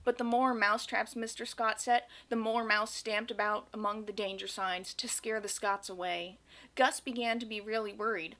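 A woman's voice: mid-range voice, fairly even intonation, normal speed, a bit bright. A woman reading a children's picture book aloud and chatting about it afterward. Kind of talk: read-aloud storytelling.

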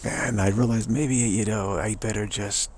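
A man's voice: lowish voice, steady tone, measured pace, a little mellow, slight background noise. A middle-aged man giving a rambling, enthusiastic pep talk, repeating himself and chuckling often. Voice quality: gravelly. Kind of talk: rambling motivational monologue.

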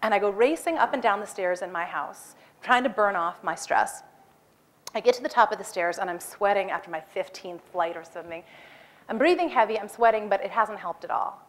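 A woman in her forties giving a talk on stage, lively and acting out her own lines with a raised voice. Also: mid-range voice, a little fast. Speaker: speaker. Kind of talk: animated personal storytelling talk.

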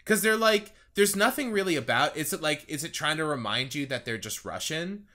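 Brief: male podcast co-host, bright lively voice, loose rambling delivery. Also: a little high, brisk. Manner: rambling, animated, laughs often. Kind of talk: casual chat.

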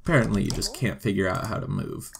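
A man's voice: low voice, fast, gravelly, background noise. A man giving casual, joking let's-play commentary as he plays a life-sim game and talks to its characters. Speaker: gaming video host.

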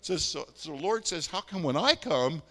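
Animated, folksy male preacher. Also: a little high, moderate pace, in a large hall. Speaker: pastor. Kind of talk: sermon.

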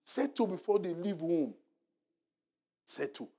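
Animated preaching pastor, a man. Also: fairly high pitch, normal speed. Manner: animated preaching, drops to a hushed murmur when acting out apologies; repetitive, exhorting. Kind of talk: Bible study sermon. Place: church hall.

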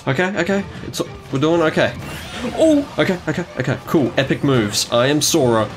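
Excitable young man commentating gameplay. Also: fairly high pitch, moderate pace, music in the background. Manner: excitable, yelps and gasps at plays, trash talk. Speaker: gaming YouTuber.

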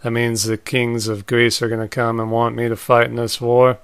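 A man voicing an annoyed male king who grumbles about being called to war, in a low, soft tone. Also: completely flat delivery, normal speed, clear, resonant tone, dry recording, clean studio sound, close to an everyday voice. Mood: exasperated.

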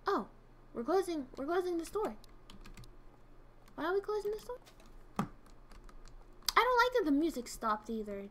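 High, lively woman streamer. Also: normal speed, long pauses, slight background noise. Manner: excitable, jumpy, swears often. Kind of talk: casual gameplay commentary.

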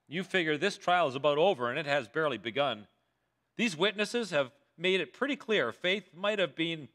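A man's voice: on the high side, sharp tone. A male pastor preaching a sermon told as a dramatic courtroom story, voicing the characters himself. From Canada. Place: church sanctuary.

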